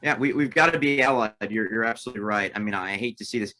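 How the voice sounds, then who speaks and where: A man's voice: on the low side, fast talker, sharp tone, poor audio. A man interviewed as a political candidate, speaking emphatically and repeating himself. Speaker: guest candidate.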